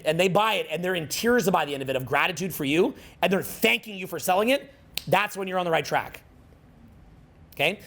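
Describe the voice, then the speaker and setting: A man's voice: sits high, a bit bright. A middle-aged man with a Canadian accent, giving an emphatic motivational seminar talk as a coach, often repeating phrases for effect. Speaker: social skills coach.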